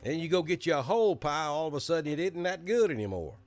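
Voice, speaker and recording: A man's voice: a little high, expressive, fast talker, no room sound, faint music behind. A middle-aged man from Alabama with a Southern accent, hosting a casual live weather chat in a folksy, chatty way. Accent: Southern American, Alabama.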